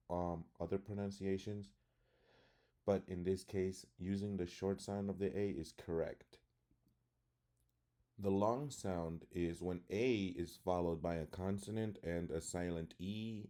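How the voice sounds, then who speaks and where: A man teaching English pronunciation, reading word lists deliberately one by one and explaining calmly. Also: low-pitched. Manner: deliberate, reads words one by one.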